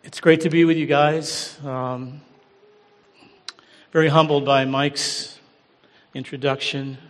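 A middle-aged American man preaching as a guest pastor, humble and halting, with many fillers. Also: on the high side, little pitch movement. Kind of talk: sermon. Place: large church hall. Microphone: handheld or headset mic. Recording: long church hall reverb.

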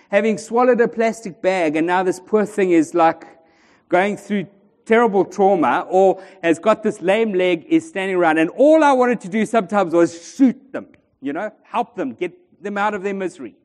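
A man's voice: high voice, expressive, normal speed, darkish tone. A man preaching a sermon in a church, joking and bantering with the congregation. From South Africa. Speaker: pastor. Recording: long church reverb.

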